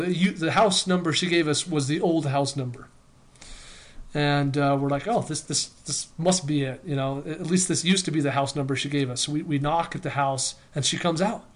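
Man, slightly high voice, casual storytelling, acts out dialogue, lots of fillers and restarts. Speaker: former missionary telling a story.

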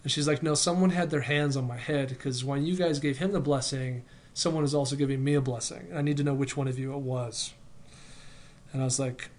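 A man's voice: mid-range voice, brisk. A man casually telling a story from his missionary days, acting out both sides of the dialogue with lots of fillers and restarts. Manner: animated, acts out quoted dialogue, many fillers and restarts.

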